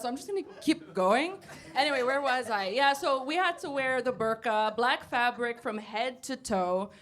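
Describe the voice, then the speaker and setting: A woman doing a stand-up comedy set, brash and sarcastic, swearing freely. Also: fairly high pitch. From United States. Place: basement comedy club before a live audience.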